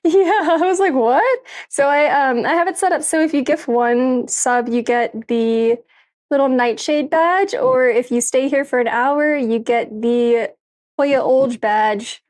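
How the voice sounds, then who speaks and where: Talking to her chat and her pets from her kitchen at home, this young streamer laughs often and curses without restraint. Her voice is high with a darkish tone and a slightly slow delivery.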